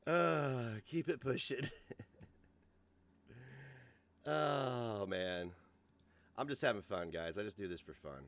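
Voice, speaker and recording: A man's voice: fairly low pitch, expressive, takes it slowly, long pauses, a bit bright. A man in his forties hosting a casual livestream rant, profane and mocking, often laughing. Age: 40s. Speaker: host.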